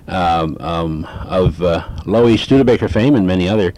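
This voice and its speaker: A man introducing an oral history interview, halting with many fillers and restarts. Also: sits low, darkish tone. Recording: noisy 1980s tape with clicks.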